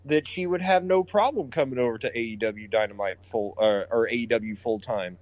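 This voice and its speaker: A man's voice: mid-range voice, a little fast, dry recording, dull audio. A man co-hosting a casual podcast, swearing freely and laughing as he retells funny moments. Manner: excitable, swears a lot, laughs while retelling. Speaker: podcast co-host. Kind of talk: casual profane chat.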